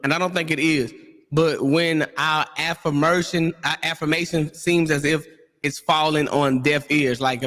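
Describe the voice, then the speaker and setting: A man on a discussion panel, talking in an animated way and acting out voices in his stories. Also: fairly high pitch, normal speed, long reverb tail. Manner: animated storyteller, acts out quotes.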